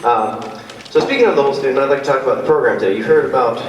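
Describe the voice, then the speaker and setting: A man's voice: medium pitch, rapid-fire, slight background noise. A slightly winded man addresses a concert crowd as the conductor, chatty and full of small restarts. His voice is picked up from a distance in a big, echoey school gym with a long reverb tail. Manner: friendly, rambling, with fillers and restarts. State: a little out of breath. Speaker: band conductor. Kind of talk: spoken concert introduction. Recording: echoey gym heard from far off.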